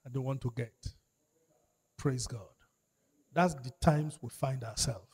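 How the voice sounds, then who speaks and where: A pastor delivers an emphatic sermon, repeating key phrases and calling on his congregation to respond. His medium-pitched voice is unhurried, darkish, and slightly rough.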